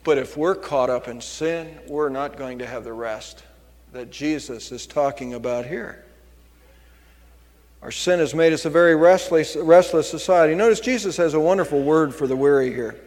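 Preaching in a notably high voice with a darkish tone, a male pastor moves at a moderate pace and drives his points home through emphatic repetition. The church sanctuary gives his words a long, reverberant tail.

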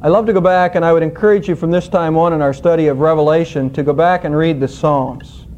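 A male pastor preaching a sermon, teaching scripture with an expressive, emphatic storytelling manner. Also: on the high side, fast, lo-fi sound, slight background noise.

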